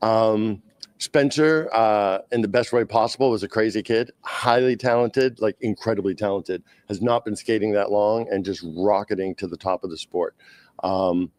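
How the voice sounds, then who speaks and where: A man with a Boston accent, speaking for a skating club at a press conference, pausing often with "uh" and "um". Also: on the low side, darkish tone, no echo. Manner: halting, frequent "uh" and "um".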